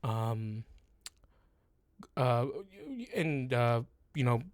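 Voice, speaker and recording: A man narrating as game master of a tabletop game, halting and full of restarts, on a close, dry home mic. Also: mid-range voice, very animated, dry recording.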